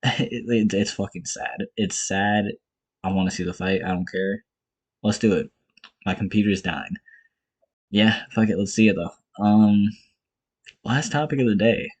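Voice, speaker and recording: Husky-voiced young man ranting bluntly. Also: on the low side, darkish tone. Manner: blunt, profane and exasperated, ranting in short repeated bursts. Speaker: MMA commentator vlogger. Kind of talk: casual ranting vlog.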